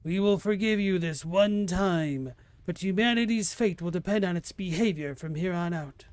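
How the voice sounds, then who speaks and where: A streamer voicing the solemn leader of a herd of talking goats in a game, speaking slowly and formally. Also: mid-range voice, a little mellow, smooth, dry recording, close to an everyday voice. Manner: measured, grave and formal. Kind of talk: reading game dialogue aloud in character.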